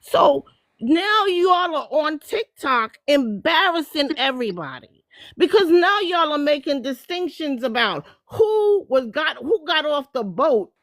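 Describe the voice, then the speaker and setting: A woman's voice: high voice, big pitch swings, unhurried, no echo, low-quality recording. A woman speaking as a guest on a live stream, arguing emphatically and repeating her phrases. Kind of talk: heated live-stream debate.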